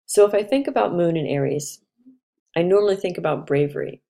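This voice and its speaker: A woman's voice: fairly low pitch, fairly quick, vocal fry, warm tone. A woman astrologer giving a casual, chatty talk, reflective and loose, with fillers and restarts.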